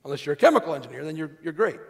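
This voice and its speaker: Male preacher, high and gravelly, sermon delivery in a reverberant church hall. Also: big pitch swings, rapid-fire. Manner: reads scripture aloud, asks the congregation questions.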